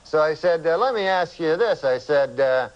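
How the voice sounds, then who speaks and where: A man, a comedian guest, telling a long rambling anecdote in a deadpan, halting way with many uhs. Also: fairly high pitch, lo-fi sound.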